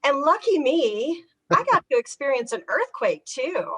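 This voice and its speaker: A woman performing a stand-up comedy set with animated, punchy delivery. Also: high-pitched, normal speed, poor audio. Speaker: stand-up comic.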